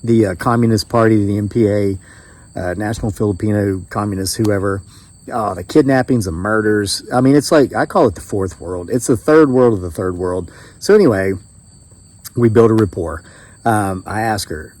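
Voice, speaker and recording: A man in his fifties tells a personal story straight to the camera in a relaxed, folksy way. His voice stays mid-pitched, but his loudness swings up sharply on the points he stresses. He comes across as emphatic and talkative, with a chatty, neighborly edge. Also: normal speed. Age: 50s. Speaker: homesteading vlogger and disabled veteran.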